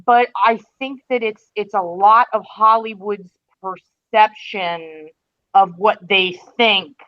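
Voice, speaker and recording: Slow, opinionated woman co-host. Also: medium pitch, lo-fi sound. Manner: candid, opinionated, hesitant. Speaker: podcast co-host. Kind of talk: casual chat.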